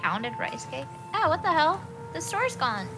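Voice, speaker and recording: High-voiced playful young woman gaming. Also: sing-song, unhurried, low-quality recording. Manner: playful, chatty, giggly. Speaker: co-player on a stream. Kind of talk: casual gaming chat. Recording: game music behind.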